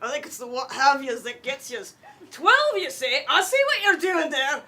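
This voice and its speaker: A woman's voice: high-pitched, big pitch swings, normal speed, sharp tone, full character voice. A woman voicing a jolly, ale-loving female dwarf in a live read-through of a comedic ad. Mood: hearty.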